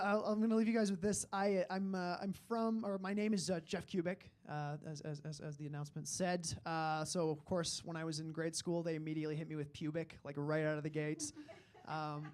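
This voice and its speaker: A young man from Alberta, Canada, doing a stand-up comedy set, self-deprecating and rambling, with frequent fillers. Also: high voice.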